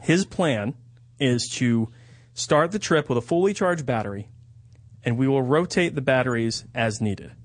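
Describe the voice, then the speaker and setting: Animated Jersey-accented man telling crude stories. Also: mid-range voice, unhurried, no room sound, clean studio sound. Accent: New Jersey. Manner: animated storytelling, profane, lots of laughing. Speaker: radio show host. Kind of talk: crude comedic banter.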